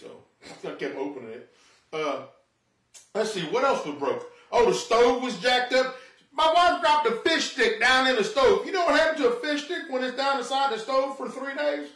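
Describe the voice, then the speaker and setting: A man's voice: extremely high pitch, a bit bright, roomy sound, far from the mic. A man doing a rambling, self-mocking comedy monologue at home in his living room. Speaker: stand-up comedian.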